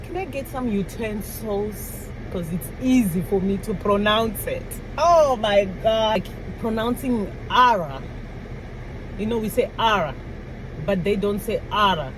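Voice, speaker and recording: A woman's voice: medium pitch, lively intonation, a little slow, noisy background. A woman vlogger telling stories about learning to speak the way people do in her new country, acting out little dialogues and laughing as she goes. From outside the US. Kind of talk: casual storytelling to camera.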